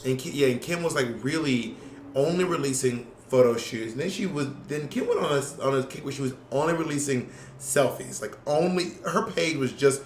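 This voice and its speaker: An animated man with a New York accent co-hosts a casual podcast chat. He talks fast in loose asides and laughs often. His voice sits in an echoey room with a faint hum of ambience behind it. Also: mid-range voice. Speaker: podcast co-host.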